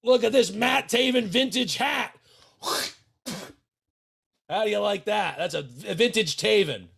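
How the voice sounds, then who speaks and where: A man's voice: high voice, unhurried, vocal fry, a bit bright, breathy edge. A man in casual podcast chat as a wrestling manager, brash and boastful, trash-talking people.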